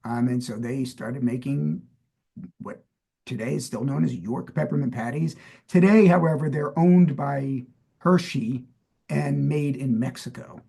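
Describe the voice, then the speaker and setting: Gravelly, husky-voiced middle-aged man. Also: mid-range voice, a little slow, warm tone. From New Jersey, USA. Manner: chatty, meandering, quizzing with fillers. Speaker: podcast co-host. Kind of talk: casual chat, trivia quiz.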